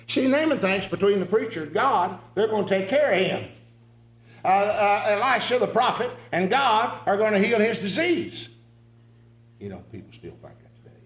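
A man preaching a sermon, telling folksy stories and reading scripture aloud. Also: medium pitch. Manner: animated, folksy storytelling preaching. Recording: echoey room.

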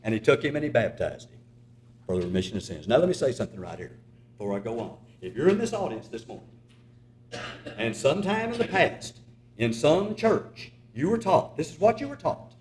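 Older man, sermon, earnest, urging, animated pitch, roomy church echo. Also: brisk, a little hiss or hum. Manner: earnest, urging, lively storytelling. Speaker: preacher. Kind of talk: sermon with storytelling. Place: church auditorium. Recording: echoey church hall.

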